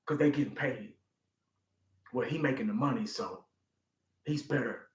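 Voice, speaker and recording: A man's voice: medium pitch, moderate pace, long pauses, reverberant. A man in his forties, a sports fan vlogger ranting through a live reaction, swearing freely and repeating himself for emphasis.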